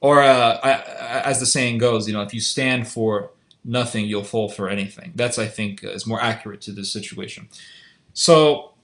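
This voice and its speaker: A man's voice: on the low side, steady tone, normal speed, a bit bright, roomy sound. A man giving an unscripted commentary monologue, earnest and insistent, who often repeats and restarts his phrases. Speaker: online video commentator.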